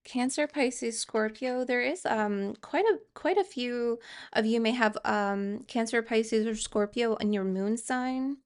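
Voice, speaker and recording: Smooth-voiced woman giving a tarot reading. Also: fairly high pitch, unhurried. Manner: hesitant, many fillers and restarts; reassuring, addresses viewers directly. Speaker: tarot reader.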